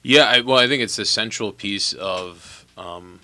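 A man's voice: on the low side, unhurried, pushed and bright, dry recording. A man explaining ideas in a casual faith discussion, often checking in with "right?". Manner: explanatory, tag questions like "right?".

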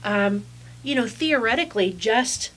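A woman pastor talking through a scripture story in a relaxed discussion, thoughtful and unhurried, with frequent fillers. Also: fairly high pitch, rough recording. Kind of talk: casual faith discussion.

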